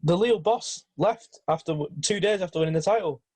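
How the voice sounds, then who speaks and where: A man's voice: high voice, fast, a little mellow, slightly rough. A man co-hosting a casual football podcast, hesitant with many fillers and restarts. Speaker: podcast host.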